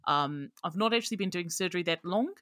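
A woman voicing a gentle male halfling ship's doctor, soft and rambling. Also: lowish voice, lively intonation, fast, no echo, studio quality. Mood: kindly.

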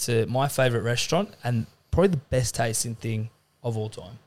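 A man's voice: mid-range voice, brisk, darkish tone. A man co-hosting a podcast, telling stories in a laid-back, casual way and swearing now and then. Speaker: podcast co-host. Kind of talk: casual chat.

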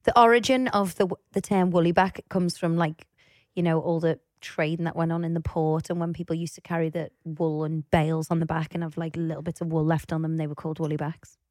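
A woman's voice: deep voice, little pitch movement, fairly quick, a little mellow, no echo, studio quality. A young woman from Liverpool with a Scouse accent, playfully explaining local slang as a podcast co-host. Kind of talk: casual chat.

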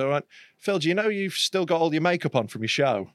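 A man's voice: on the high side, expressive, no room sound, studio quality. A man, a comedian co-hosting a podcast, who jokes crudely and teases his co-host while telling stories. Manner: quick, crude joking and teasing. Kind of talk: casual chat.

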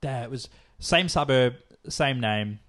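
A man's voice: mid-range voice, slow. A young man, co-hosting a podcast and telling a story in casual, swearing chat. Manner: swearing, animated retelling with acted quotes. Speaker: podcast co-host.

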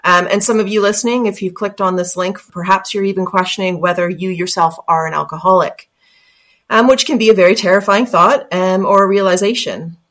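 A woman hosting a podcast, reading an earnest introduction and then chatting with her guest, emphatic and quick to laugh. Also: medium pitch, fairly bright tone. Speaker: podcast host. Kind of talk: scripted intro then casual interview.

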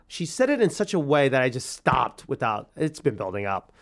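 A man's voice: medium pitch, very animated, moderate pace. A man telling a personal story in a conversational way, slipping into other people's voices as he recounts what they said. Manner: conversational, acts out dialogue.

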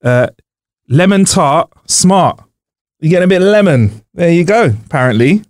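A man's voice: sits high, expressive, moderate pace, darkish tone, no room sound, studio quality. A man co-hosting a casual podcast, rambling with many fillers and hesitations. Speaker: podcast co-host.

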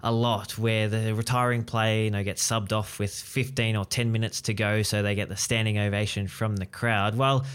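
A man hosting a sports podcast in a steady, measured presenter manner. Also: lowish voice, smooth. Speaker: podcast host.

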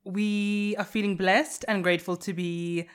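A woman's voice: medium pitch, steady tone, a little slow, smooth. A young woman hosting a casual podcast, talking in a dry, matter-of-fact and teasing way. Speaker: podcast host.

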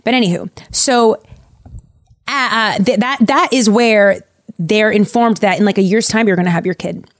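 A woman's voice: mid-range voice, normal speed, dry recording, clean studio sound. A woman podcast host casually retelling a Bible story in a chatty, jokey way.

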